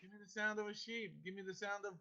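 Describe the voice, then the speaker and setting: A man's voice: high voice, level tone, fast talker, bright, forceful tone. A man leading an online devotional class, emphatic and playful as he coaxes his students along. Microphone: video call. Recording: muffled video-call audio.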